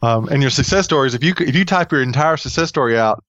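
A man's voice: medium pitch, lively intonation, fast talker, fairly bright tone, no echo, muffled recording. Chatty male podcast host. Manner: rambling, jokey, many fillers. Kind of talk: casual podcast chat.

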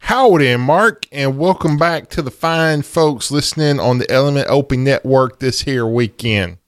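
A man's voice: mid-range voice, moderate pace, smooth, no echo, clean studio sound. A man co-hosting a podcast in a casual chat, with a folksy, easygoing manner. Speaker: podcast co-host.

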